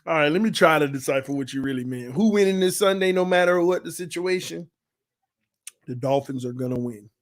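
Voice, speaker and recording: Brief: a slightly tipsy man, playful fan host, fairly high-pitched, laughs a lot. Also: fairly quick, dry recording, studio quality. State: a little tipsy. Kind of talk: casual livestream chat.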